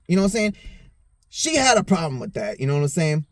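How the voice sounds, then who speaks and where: A podcast host, a bit tipsy, rambles through a personal story in a casual monologue, swearing plenty and repeating "you know what I'm saying" constantly. His fairly high voice swings widely in pitch, he talks quickly, and there's no echo.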